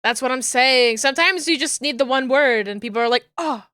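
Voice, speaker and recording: A woman's voice: sits high, a little fast, pushed and bright, smooth, no room sound, clean studio sound. A woman streamer chatting casually with viewers, rambling along with lots of fillers and restarts.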